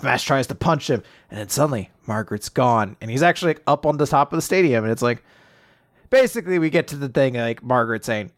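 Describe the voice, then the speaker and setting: A man co-hosting a casual chat, recapping a comic chapter and acting out the characters in quick voices. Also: medium pitch, no echo, studio quality. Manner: animated retelling, acts out characters in quick voices. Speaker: podcast co-host.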